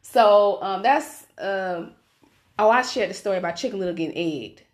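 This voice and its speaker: A woman podcast host telling a story in casual chat, animated and profane, acting out each voice; she says her voice naturally carries. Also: mid-range voice, normal speed. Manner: animated, profane, acts out every voice in her stories.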